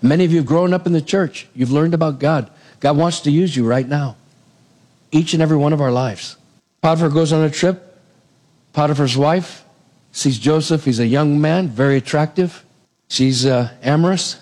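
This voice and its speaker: A man preaching a sermon, retelling a Bible story and acting out the characters' lines in lively voices. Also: fairly high pitch, moderate pace.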